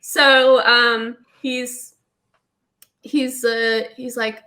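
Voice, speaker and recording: Young woman guest, higher voice, excitable storyteller. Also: slow pace. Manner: excitable, acts out quotes in a high voice. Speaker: guest, paranormal investigator. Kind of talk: casual storytelling on a talk show.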